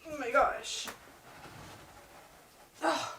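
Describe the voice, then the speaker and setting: A woman's voice: high voice, steady tone, drawn-out words, pushed and bright, slight background noise. A young woman in her twenties chatting casually on her reading vlog at home, blunt and full of fillers, with some swearing. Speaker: book vlogger.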